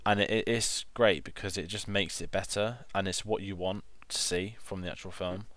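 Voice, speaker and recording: A man co-hosting a casual film review chat, enthusiastic and halting, repeating words. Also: sits low, steady tone, a bit bright, dry recording. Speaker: film club co-host.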